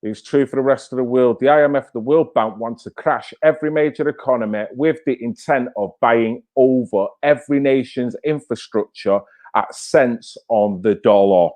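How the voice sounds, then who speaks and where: A man hosts his own channel in a casual live-stream commentary, speaking bluntly and with fire, throwing in swearing and rhetorical questions. His voice sits at medium pitch with a darkish tone, and he talks at a normal speed.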